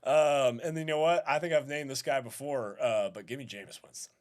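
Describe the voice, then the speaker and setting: A man with a drawl hosts a relaxed local sports talk show. His pitch sits in an everyday middle range. He talks in a casual, upbeat way and laughs easily. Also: brisk. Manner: laid-back, laughing, upbeat.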